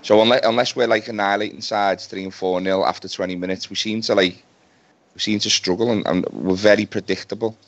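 A man's voice: lowish voice, steady tone, brisk. A man on a casual football podcast, talking in frustrated, rambling runs with swearing and restarts. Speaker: podcast regular. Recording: dull lo-fi sound.

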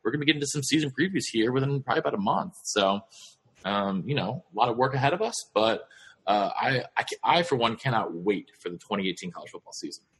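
A man hosting a casual sports podcast, rambling with lots of fillers and halting restarts. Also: medium pitch, animated, a bit bright, slightly rough. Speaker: podcast host.

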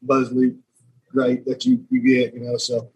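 A man, a podcast guest telling a personal story in a halting, repeating way, often dropping quiet. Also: completely flat delivery, slightly rough, poor audio. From Alabama. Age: 30s. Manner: halting, repeats words, voice drops low and quiet when moved. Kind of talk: emotional storytelling.

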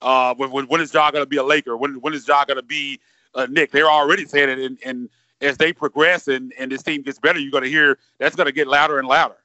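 Bright-voiced man talking hoops. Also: mid-range voice, fairly even intonation, quick pace, no room sound, muffled recording. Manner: rambling, repeats words while thinking. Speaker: podcast co-host. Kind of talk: casual sports podcast chat.

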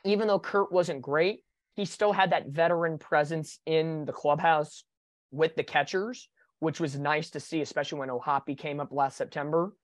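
A man's voice: on the high side, moderate pace, no echo, clean studio sound. Opinionated sports podcast host, man. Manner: animated, opinionated. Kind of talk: casual sports podcast chat.

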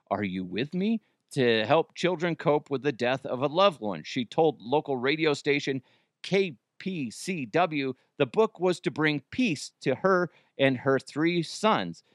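A man's voice: medium pitch, expressive, a little slow, dry recording, clean studio sound. A man hosting a comedy podcast in casual chat, joking, swearing freely and laughing at his own bits. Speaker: podcast host.

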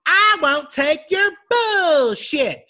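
A man imitating a tough, defiant young woman from a crime drama in a high, slow, drawling falsetto. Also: sing-song, pushed and bright, exaggerated voice.

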